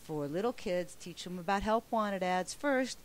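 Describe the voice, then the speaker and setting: A woman's voice: mid-range voice, expressive, normal speed. A woman presenting a teacher training webinar, upbeat and emphatic as she walks through slides. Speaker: professional development trainer.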